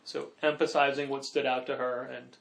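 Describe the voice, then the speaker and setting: A man co-hosting a podcast in casual chat, rambling with quick asides and frequent laughs. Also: medium pitch, little pitch movement, gravelly, fairly bright tone. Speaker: podcast co-host and comic shop owner.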